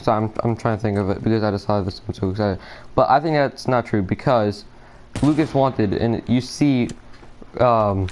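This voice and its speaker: A fairly low-voiced man rambles through his thoughts while playing a shooter game. He is hesitant and nervous and keeps restarting sentences with lots of fillers. A faint hiss of noise sits behind him. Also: a little mellow. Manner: distracted, nervous, apologetic. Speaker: gaming video creator.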